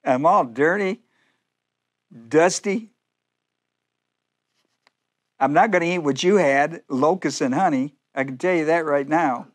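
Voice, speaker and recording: A man's voice: fairly high pitch, normal speed. A man pastor preaching a sermon, acting out biblical speakers in first person with humor and frequent laughter.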